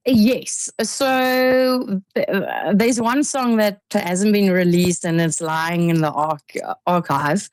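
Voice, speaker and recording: A woman's voice: medium pitch, takes it slowly, no echo. A young South African woman with a South African accent, a singer chatting as a radio guest, giggly with lots of fillers and restarts. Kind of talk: radio interview. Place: radio studio.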